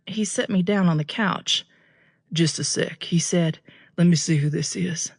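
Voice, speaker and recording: Woman reading a romance audiobook, steady first person, lowish voice, dry close mic. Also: no room sound. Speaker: audiobook narrator. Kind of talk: scripted romance narration.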